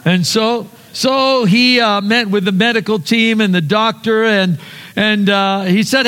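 Male pastor, earnest folksy sermon with questions to the pews, high-pitched, in a reverberant hall. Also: steady tone, measured pace, a bit bright, clean tone. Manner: earnest and conversational, repeats words, asks the congregation questions.

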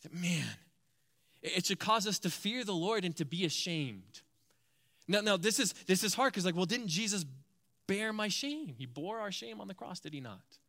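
A man preaching a sermon, animated, acting out quoted voices as he explains a passage. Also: high voice, moderate pace. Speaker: pastor.

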